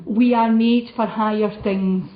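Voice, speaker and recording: A woman's voice: on the high side, fairly even intonation, muffled recording. Glasgow-accented woman in an echoey hall. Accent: Glasgow Scottish. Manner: humorous, deliberate, emphatic. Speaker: religious sister giving a conference talk. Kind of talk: conference talk.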